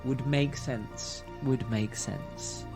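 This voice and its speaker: A man voicing a poised, aloof adult female sorceress in a tabletop game, speaking slowly and with composure. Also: mid-range voice, steady tone, darkish tone, soft background music, pitched below the performer's own voice.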